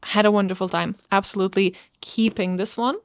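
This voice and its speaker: A woman's voice: medium pitch, fairly even intonation, brisk, smooth, dry recording, studio quality. A woman vlogger talking casually about books, chatty and rambling with lots of fillers. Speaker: book vlogger. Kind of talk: casual chat.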